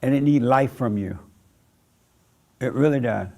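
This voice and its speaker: Gravelly conversational preacher man. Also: mid-range voice, measured pace, darkish tone. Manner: conversational preaching, chuckling, acting out quoted voices. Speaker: pastor. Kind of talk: sermon.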